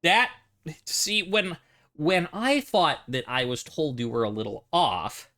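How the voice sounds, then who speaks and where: A man streaming a video game, chatting casually and thinking out loud as he plays. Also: on the high side, expressive, slow pace. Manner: casual, rambling, thinking aloud. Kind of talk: let's-play commentary.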